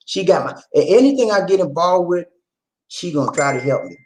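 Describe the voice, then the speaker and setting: A man from the United States hosting a live stream, talking loud and playful, often repeating himself. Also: sits high, big pitch swings, fairly quick, a little hiss or hum, rough recording. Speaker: host. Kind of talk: lively live-stream chat.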